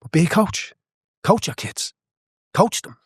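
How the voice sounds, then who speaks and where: A man's voice: sits high, big pitch swings, a little slow, breathy edge, no room sound, clean studio sound. A man, a boxing coach, talking as a guest in a podcast interview, passionate and emphatic, repeating phrases to drive home his point.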